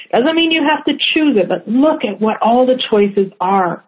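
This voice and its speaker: A woman's voice: high-pitched, very animated, normal speed, hardly any pauses. A woman teaching a class in a chatty way, often laughing at her own jokes. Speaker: workshop facilitator. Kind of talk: teaching talk. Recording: tinny phone-line sound.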